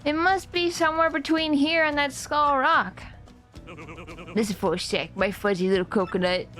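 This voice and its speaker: A woman's voice: high voice, normal speed, a bit bright, soft background music, pitched above the performer's own voice. A woman voicing a devoted male goomba husband from a video game, coaxing his wife with pet names in a lifted voice.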